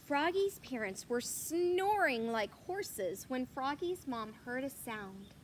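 A woman reading a children's picture book aloud, animated and asking the listener questions. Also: high-pitched, slow pace, slight background noise. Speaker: storyteller.

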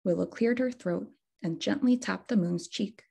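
A woman author reading her picture book aloud at a bookshop storytime, expressive and unhurried. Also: mid-range voice, vocal fry, breathy edge. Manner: slow, expressive storytime reading with sound words. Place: bookshop event space.

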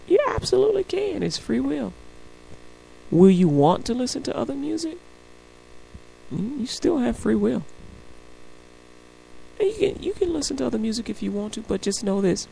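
Chatty woman radio host, creaky voice. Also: fairly high pitch, big pitch swings, normal speed, long pauses, dark tone, slight background noise, poor audio. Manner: chatty, laughs often, acts out voices. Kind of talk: casual Christian radio talk.

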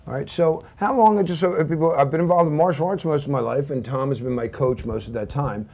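A cybersecurity instructor in his fifties gives an informal training lecture, rambling through anecdotes and asides with self-deprecating jokes, many fillers and restarts. His voice is fairly high, a little fast, creaky and mellow.

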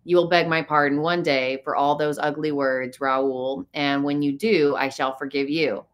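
A woman's voice: low-pitched, fairly even intonation, moderate pace, close to an everyday voice. A woman reading the part of a young woman singer who pleads in a grave, earnest way. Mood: pleading.

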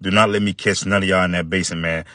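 A man voicing a gruff, hot-tempered old man who guards his house, growling warnings and then screeching when he gets riled up. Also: steady tone, fast talker, no echo, clean studio sound. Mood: menacing. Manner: low menacing warnings, then shrill shouting when roused.

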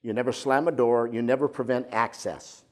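An older man preaching a sermon as a pastor, moving between emphatic points and soft, intimate asides. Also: medium pitch, moderate pace. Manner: expressive preaching, drops to soft intimate tones.

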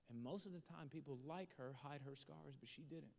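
A man telling a story as a motivational speaker, shifting from animated to hushed. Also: fairly high pitch, fast, vocal fry, hardly any pauses. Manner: animated storytelling that drops to a hushed voice for serious moments. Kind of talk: storytelling sermon. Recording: long hall reverb.

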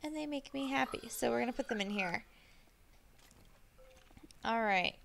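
High, lively woman cooing over game animals. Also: moderate pace, vocal fry, slight background noise. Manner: gushing, coos softly at in-game animals. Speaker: Minecraft builder. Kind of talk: casual gameplay commentary.

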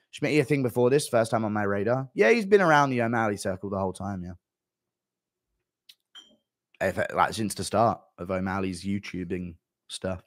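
Male streamer, reading chat, crude, deadpan, mumbled asides, lively pitch. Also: dry recording, clean studio sound.

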